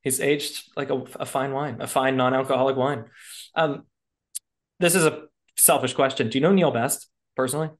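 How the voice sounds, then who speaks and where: A man's voice: medium pitch, steady tone, moderate pace. A man hosting a podcast, asking loose, jokey questions in casual interview chat. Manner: jokey, loose, with fillers and laughs. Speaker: podcast host.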